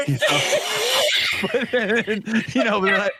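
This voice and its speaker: A man's voice: high-pitched, big pitch swings, a little slow, background noise. A man hosting a casual comedy podcast, telling rambling, profane stories and laughing often as he goes. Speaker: podcast host.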